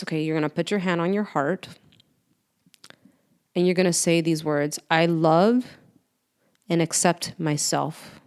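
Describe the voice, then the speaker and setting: A woman speaks earnestly and warmly to her listeners in a motivational talk. Her voice is smooth and clear and sits a little low for a woman. She talks heartfelt and direct, pausing as she goes. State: tearful at times. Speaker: host.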